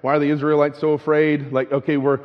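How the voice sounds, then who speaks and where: Higher-voiced preacher in an echoing hall. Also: male voice, little pitch movement, fast talker. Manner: conversational, checks in with "right?" often; repeats and restarts as he goes. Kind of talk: sermon. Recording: dull lo-fi with long hall reverb.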